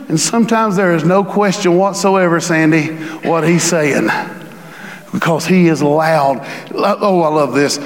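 Man, pastor, sermon, unhurried delivery, hushed to booming, reverberant hall. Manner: swings from hushed to booming when reading scripture.

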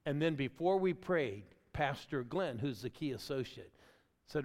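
A man's voice: mid-range voice, animated, normal speed, darkish tone. Exuberant older man preaching in a big hall. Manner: exuberant, calls on the crowd to applaud. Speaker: church planting pastor. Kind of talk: energetic sermon storytelling. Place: large church auditorium. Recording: long hall reverb.

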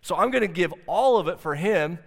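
A man preaching a sermon as pastor, earnest, slowing down to stress key points. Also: high-pitched, expressive, creaky. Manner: earnest preaching, slows for emphasis. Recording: long hall reverb.

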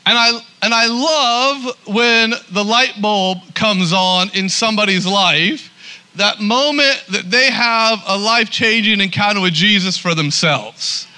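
A man's voice: high-pitched, measured pace, sharp tone, clear, resonant tone. A man preaching a sermon as pastor, emphatic, often repeating words as he starts a sentence.

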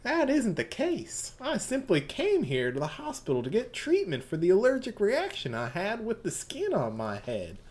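A woman's voice: mid-range voice, huge pitch swings, normal speed, hardly any pauses, a little mellow, pitched above the performer's own voice. A woman voicing a pampered middle-aged Southern belle with a put-on Southern accent, sugary and evasive. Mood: genteel denial. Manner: sugary, genteel, feigning innocence.

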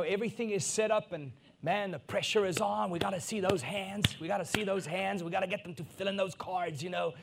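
A middle-aged man from Africa preaching a sermon as pastor, swinging between soft asides and loud, emphatic peaks. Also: on the high side, creaky, a little hiss or hum.

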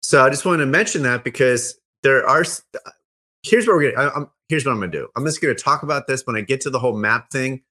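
A man hosting a casual chat, upbeat and chatty, quick to laugh. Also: medium pitch, animated, pushed and bright. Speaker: host.

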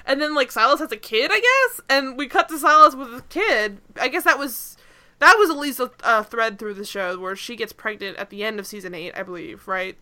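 A woman with a bright, sharp and smooth voice, pitched a little high. She talks through a TV episode in loose, casual podcast chat. She rambles, with plenty of fillers and side comments. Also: expressive, fairly quick. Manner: rambling, many fillers and asides. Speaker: podcast host.

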